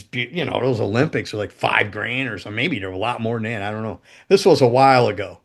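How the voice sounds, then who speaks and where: A man's voice: mid-range voice, fast talker, creaky, hardly any pauses. A man telling casual stories as a guest, a former guitar tech and roadie who swears freely, laughs as he goes, and acts out other people's lines. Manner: loose and profane, laughs mid-story, acts out quotes. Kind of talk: casual anecdotal storytelling.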